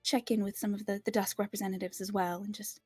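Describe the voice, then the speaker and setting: A woman playing a young fairy woman hosting a court ball, polite and a bit hurried, in a tabletop game. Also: mid-range voice, little pitch movement, darkish tone, husky, no echo, faint music behind, natural voice. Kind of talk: tabletop role-play.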